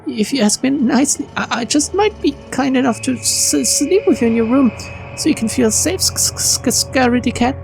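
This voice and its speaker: A woman's voice: sits high, lively intonation, normal speed, gravelly, a little mellow, faint music behind, pitched above the performer's own voice. A woman voicing a bratty teenage girl assistant who stutters constantly and mocks people. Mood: teasing. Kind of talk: reading game dialogue aloud.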